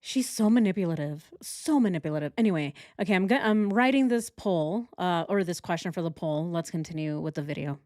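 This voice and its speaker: A woman's voice: lowish voice, lively intonation, a little fast, few pauses, dark tone, dry recording, studio quality. A woman hosting a true crime reaction video, commenting casually and with sarcastic, mocking remarks.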